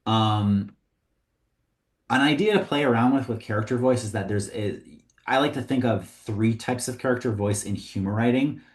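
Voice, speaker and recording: A man teaching comedy writing in a casual, conversational way, often pausing with "um" and "like". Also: medium pitch. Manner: conversational, with frequent ums and likes. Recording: roomy echo.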